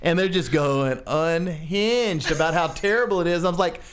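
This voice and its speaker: Male podcast co-host, high voice, excitable storyteller, casual and profane. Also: moderate pace. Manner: animated storytelling, swearing, laughing often. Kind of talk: casual chat.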